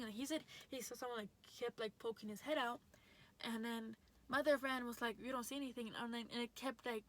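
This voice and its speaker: Young female vlogger, slightly high voice, casual rambling storyteller who gets excitable. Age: young adult.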